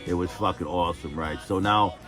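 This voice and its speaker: Over faint background music, a retired electrician in his 50s spins rambling, foul-mouthed stories about his old job, repeating "and everything" again and again. His voice is deep and fairly bright, fairly quick, with fairly even intonation.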